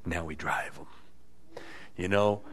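A man preaching a sermon as pastor, animated and emphatic, swinging between quiet stretches and loud peaks, acting out quotes with a sarcastic edge. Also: deep voice, slow pace. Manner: acts out quotes with sarcastic inflection.

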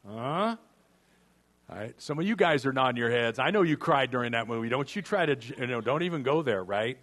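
A man's voice: medium pitch, lively intonation, fairly quick, a bit bright. A man preaching a sermon as pastor, retelling a story in a conversational way with playful asides and acted-out lines of dialogue. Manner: acts out dialogue voices while retelling.

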